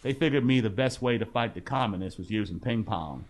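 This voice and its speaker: A man co-hosting a casual podcast about film soundtracks, talking in an animated way and often jumping into loud, high-pitched quotes of movie lines. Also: a little fast. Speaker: podcast co-host.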